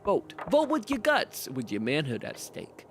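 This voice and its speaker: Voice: mid-range voice, big pitch swings, brisk, noisy background. A streamer voicing a pompous male rally speaker who exhorts an imagined crowd. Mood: rousing. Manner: bombastic, rousing.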